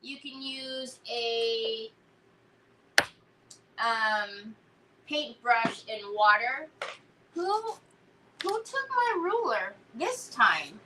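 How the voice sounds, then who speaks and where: Fairly high with lively intonation, her voice is very slow and broken by long pauses, with background noise present. She casually hosts a crafting livestream, reading viewers' chat aloud in playful baby talk.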